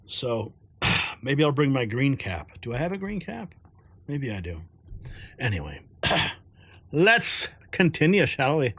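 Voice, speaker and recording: A man's voice: medium pitch, very animated, slow, fairly bright tone, dry recording. A man hosting a political news show, talking casually and joking between segments. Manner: joking, chatty asides.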